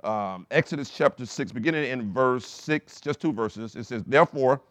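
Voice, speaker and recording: A man's voice: mid-range voice, normal speed, no room sound. A male pastor preaching a sermon, reading scripture aloud and calling on the congregation to answer back. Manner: preaching with call-and-response prompts; reads scripture aloud between points.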